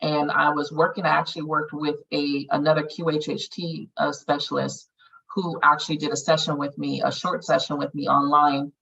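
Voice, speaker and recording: Leading a healing circle through meditation, a woman talks in a casual, earthy way and swears often. Her voice is low, bright and forceful, creaky and slightly rough, with little pitch movement at a normal speed. She sits distant from the mic, and the sound is dull and lo-fi.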